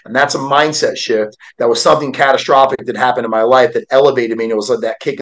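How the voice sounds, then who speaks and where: A man's voice: mid-range voice, fairly even intonation, fast, poor audio. A man in his forties, a podcast guest, telling an emotional personal story with an earnest, heartfelt delivery. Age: 40s.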